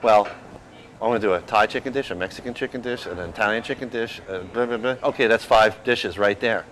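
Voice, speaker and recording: A man in his fifties, a chef and restaurant owner, telling anecdotes in a lively, casual way. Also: fairly low pitch, brisk, a little hiss or hum, low-quality recording. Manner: animated anecdotal, plays out quotes. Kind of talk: casual storytelling interview.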